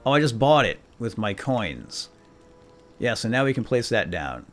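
A man giving excitable, jokey commentary while playing a video game. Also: mid-range voice, normal speed, soft background music. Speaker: let's play gamer. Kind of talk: casual gameplay commentary.

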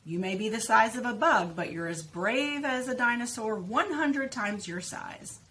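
A woman's voice: a little high, expressive, a little slow, fairly bright tone, slight background noise, voice pushed up. Female reader as a loving dad dinosaur, hearty, simple storybook voice. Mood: proud. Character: proud, loving father dinosaur.

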